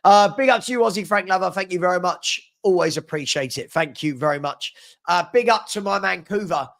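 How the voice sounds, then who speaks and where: Casting: male live-stream host, slightly higher voice, playful and chatty, has a cold. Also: a little fast, vocal fry, a bit bright. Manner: chatty, playful, teasing, repeats himself. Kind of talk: casual live-stream chat reading viewer comments.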